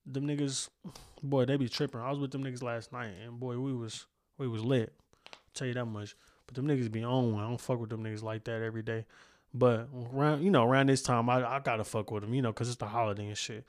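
Talking fast at medium pitch with fairly even intonation, a young podcaster wraps up a solo episode from his home studio. He rambles, swears without restraint and laughs at himself, heard through a studio mic.

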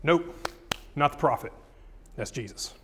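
A man's voice: on the high side, lively intonation, unhurried, background noise. A man, a pastor teaching a sermon, casual and chatty with his congregation, reading scripture with rising emphasis.

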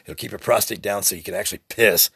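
A man's voice: on the low side, steady tone, fast talker, gravelly, fairly bright tone, husky, no room sound, studio quality. A man in his sixties preaching in a rambling, profane spiritual monologue as a podcast host. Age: 60s.

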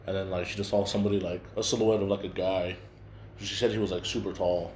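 A man's voice: deep voice, level tone, fast, a little mellow, slight background noise. A young man hosting a casual chat, telling stories in a slangy, profane way full of fillers. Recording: echoey room.

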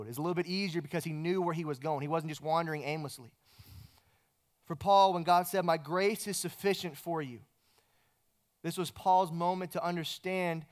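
A man preaching a sermon, telling a story in a conversational way with frequent repeated words. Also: fairly high pitch. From United States. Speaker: pastor.

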